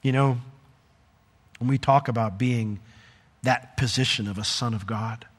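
A man preaching a sermon in a conversational, animated way, with asides to the congregation. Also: mid-range voice, measured pace, breathy edge, long reverb tail. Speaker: pastor.

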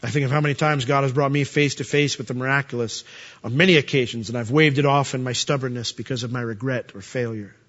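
A pastor speaks fast in a medium-pitched, slightly bright voice with fairly even intonation. His sermon is conversational, sprinkled with humor and rhetorical questions, and the dull lo-fi recording echoes in a reverberant hall.

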